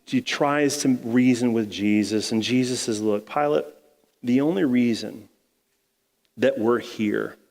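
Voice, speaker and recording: A man's voice: fairly low pitch, vocal fry, in a large hall. A male pastor preaching a sermon in a casual, conversational way, retelling scripture in everyday slang.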